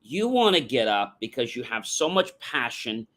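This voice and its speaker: A man's voice: mid-range voice, big pitch swings, normal speed, fairly bright tone. Emphatic man giving a motivational talk. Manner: emphatic, addresses audience directly; repeats catchphrases in a chant. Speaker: motivational speaker.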